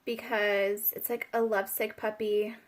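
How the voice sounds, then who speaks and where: A woman's voice: medium pitch, level tone, measured pace. A woman giving a casual spiritual tarot reading, chatty and giggly, with many fillers. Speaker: tarot reader.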